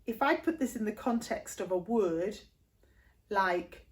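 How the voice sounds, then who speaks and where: In a singing video lesson, a northern English woman patiently walks through vowel shapes with brief sung examples. Her mid-range voice is animated but a little slow.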